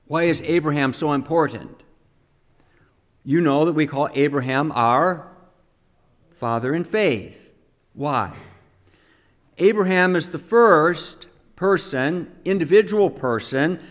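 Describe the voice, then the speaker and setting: A man with a somewhat high voice giving a teaching homily. He speaks conversationally, often putting questions to his listeners. He acts out the quoted speech as he goes.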